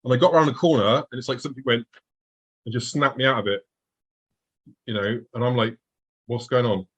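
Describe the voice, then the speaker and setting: Man, husky, mid-pitched, storytelling guest. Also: brisk, fairly bright tone, dull audio. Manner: vivid storytelling, acting out his own past thoughts. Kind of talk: recounting a personal encounter.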